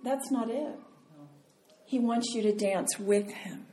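An older woman giving a storytelling sermon as a Bible teacher, chatty and animated. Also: on the high side, takes it slowly. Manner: animated, chatty storyteller who laughs often. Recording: roomy hall sound with faint noise.

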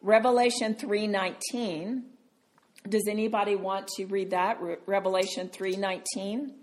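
A woman teaching a Bible study to a group, animated and tender, calling listeners sweetheart. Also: medium pitch, moderate pace.

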